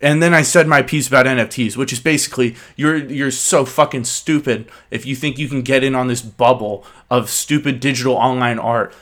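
A man's voice: mid-range voice, fairly even intonation, a little fast, few pauses, fairly bright tone. A young man hosts a loose, casual podcast with a mid-range voice. He rants freely, swears constantly and mocks the people he talks about. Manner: profane, ranting, mocking. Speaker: podcast host.

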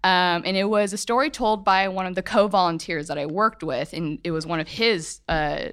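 A woman with a somewhat low voice tells a ghost story to a live audience. She meanders and corrects herself as she goes, in a casual, chatty way. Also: normal speed, a bit bright, clean tone. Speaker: storyteller at a live podcast show. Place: hotel event room, live show.

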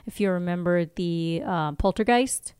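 A woman co-hosting a casual podcast, reading out TV scene recaps and breaking off into lively asides. Her voice is smooth and resonant, recorded close and dry with no room sound. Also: fairly low pitch, unhurried, no room sound. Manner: reads scene summaries aloud, animated asides. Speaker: podcast co-host. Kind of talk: casual chat recapping TV episodes.

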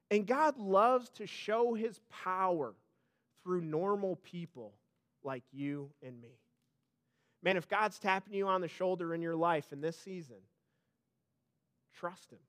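Man, pastor, sermon, high-pitched, sharp bright tone, emphatic, repeats himself. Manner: emphatic, building to loud high peaks then dropping soft; repeats words, addresses the congregation directly.

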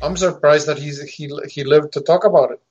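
A man's voice: fairly high pitch, fairly even intonation, brisk, darkish tone, breathy edge, highs cut off. A man co-hosting an online talk show, giving intense opinions and often restarting his words. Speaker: co-host. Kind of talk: casual commentary.

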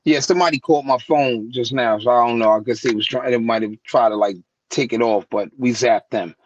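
A guest rapper from New York, a man, speaks a little fast while telling stories in a casual interview over a call, with no echo. He's animated and acts out quoted voices with big jumps in pitch. His remote call mic gives dull, dry, lo-fi web call audio.

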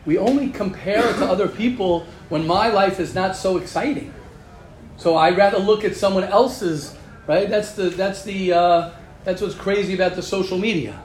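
A high-voiced man teaches a religious class in an animated, motivational way, emphatically repeating key phrases and speaking straight to his students. He talks at normal speed in an echoey room, with a little hiss or hum.

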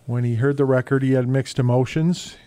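Male radio DJ, mellow warm voice, dry close sound, halting delivery, lots of "uh" fillers. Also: medium pitch, fairly even intonation, no room sound. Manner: halting, many "uh" fillers and restarts. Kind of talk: relaxed radio show patter.

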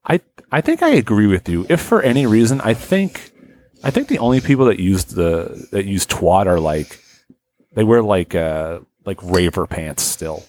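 A man's voice: on the low side, very animated, moderate pace, darkish tone. A man co-hosting a podcast in casual chat, wry and joking, rambling with fillers. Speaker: podcast co-host.

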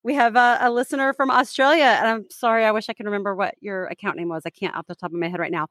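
A woman's voice: mid-range voice, fairly even intonation, fast, fairly bright tone, dry recording. Chatty woman podcast host, dry sound. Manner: chatty, teasing, lots of fillers and restarts. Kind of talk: casual chat.

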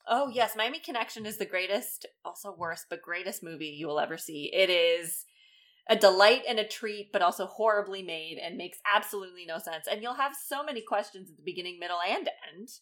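A woman co-hosting a casual podcast, chatty and quick to laugh, often trailing off with ums. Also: medium pitch, animated, fairly bright tone. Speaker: podcast co-host. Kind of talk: casual chat.

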